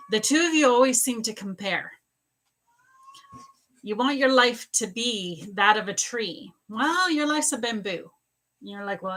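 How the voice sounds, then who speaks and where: A woman psychic medium answering viewer questions in a live stream, chatty and animated, laughing often. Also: mid-range voice, low-quality recording. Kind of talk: live-stream reading, casual chat.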